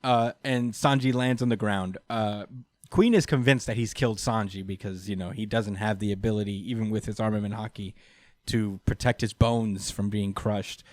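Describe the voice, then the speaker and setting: With a fairly low-pitched voice at normal speed, this young podcast co-host walks through a manga chapter casually, full of laughter. He's animated and performs the character lines himself, and the audio has no room sound.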